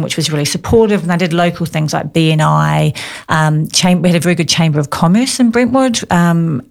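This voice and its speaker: A woman's voice: deep voice, gravelly. A middle-aged woman, talking in a brash, confident way and laughing easily in a casual radio chat. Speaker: guest, business owner.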